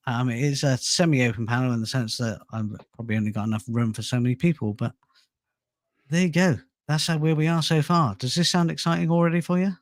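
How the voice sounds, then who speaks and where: A man's voice: medium pitch, fast talker, dry recording, clean studio sound. A middle-aged man hosting a casual live stream, rambling and self-deprecating, often breaking into laughter. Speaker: host and channel producer.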